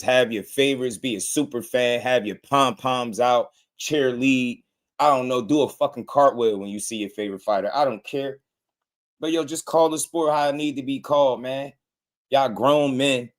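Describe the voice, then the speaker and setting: A man hosting a casual boxing commentary show, blunt and slangy, laughing often as he talks. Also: mid-range voice.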